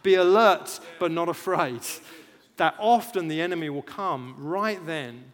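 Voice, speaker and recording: A man preaching a sermon, animated, jumping loud for emphasis and acting out chants. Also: fairly high pitch, measured pace. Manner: animated, rises loud for emphasis, acts out chants, laughs at himself. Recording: long hall reverb.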